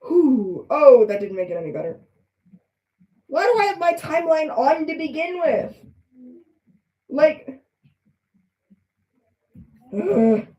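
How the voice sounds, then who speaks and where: A woman's voice: high voice, takes it slowly, pauses often, distant mic. Giggly young woman, echoey and off-mic. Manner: giggly, rambling, animated. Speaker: artist streaming live. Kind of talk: casual chat while drawing.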